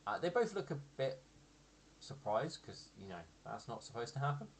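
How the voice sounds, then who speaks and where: A man's voice: mid-range voice, very animated, normal speed, vocal fry, a little hiss or hum. A man narrating as game master of a tabletop game, hesitant and full of ums and restarts.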